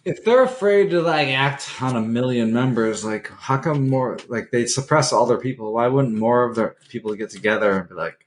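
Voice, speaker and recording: A man co-hosting a podcast, telling stories in a loose, rambling way with deadpan asides. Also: medium pitch, normal speed, hardly any pauses, a little hiss or hum. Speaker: podcast co-host. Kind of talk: casual podcast banter.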